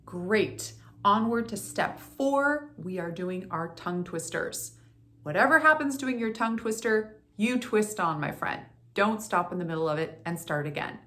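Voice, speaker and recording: A woman's voice: fairly low pitch, animated, moderate pace, a bit bright. Upbeat woman voice coach. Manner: upbeat, encouraging, talks straight to the listener. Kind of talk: guided warm-up instruction.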